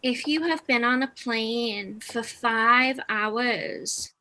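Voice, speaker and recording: A woman's voice: fairly high pitch, drawn-out words, sharp tone, poor audio. A young woman comedian doing a chatty, self-deprecating stand-up set over a video call, laughing between jokes. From England.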